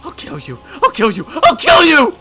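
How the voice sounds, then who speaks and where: A man's voice: very high-pitched, wildly swooping pitch, moderate pace, pitched above the performer's own voice, exaggerated voice. A man voicing a grief-stricken teenage girl in a murderous rage, screaming threats through sobs. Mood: frantic screaming. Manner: shrieking, sobbing, screamed threats. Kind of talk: visual novel voice acting.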